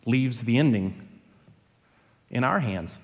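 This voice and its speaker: A man's voice: medium pitch, animated, takes it slowly, darkish tone. A man preaching a Sunday sermon in a church, earnest and building to emphatic peaks. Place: church sanctuary. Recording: long church hall reverb.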